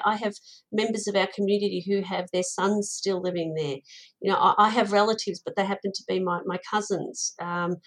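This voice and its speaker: A woman's voice: mid-range voice, poor audio. A woman who organises her Ukrainian diaspora community, answering interview questions in an impassioned, earnest way and often repeating words.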